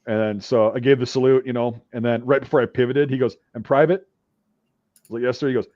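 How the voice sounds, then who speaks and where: A man casually spinning a long profane anecdote, full of fillers and restarts. His voice is mid-pitched and sits in a dull, dry recording. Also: fairly even intonation, a little fast, no room sound. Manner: profane, rambling anecdote telling. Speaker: podcast host. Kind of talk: casual storytelling.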